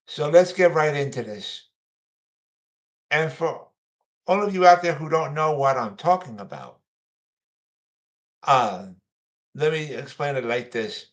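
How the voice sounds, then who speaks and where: A man's voice: on the high side, animated, unhurried, long pauses. A man hosting his own show, talking casually in a rambling, repetitive way with many fillers. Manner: mocking whiny voices when quoting others. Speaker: host. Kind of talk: casual monologue.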